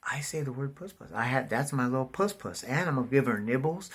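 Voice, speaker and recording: Husky, swearing man in his forties. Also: medium pitch, normal speed. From California. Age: 40s. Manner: swearing, says "dude" constantly. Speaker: vlogger. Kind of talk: casual rambling monologue.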